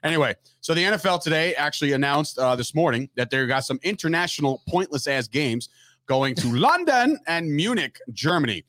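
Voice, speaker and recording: A man co-hosting a casual sports talk show, loud and crude with laughing banter. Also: a little high, very animated, a little fast, no echo. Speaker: podcast co-host.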